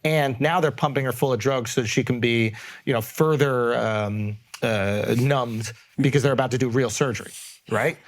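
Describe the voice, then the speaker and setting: A man in his thirties, a podcast host, telling a story in casual, animated talk and swearing freely. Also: mid-range voice, normal speed.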